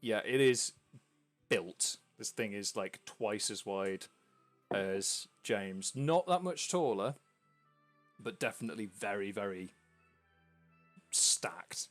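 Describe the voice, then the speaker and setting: A man's voice: fairly low pitch, takes it slowly, pauses often, soft background music. A man narrating a tabletop game as dungeon master, in a casual, chuckling way.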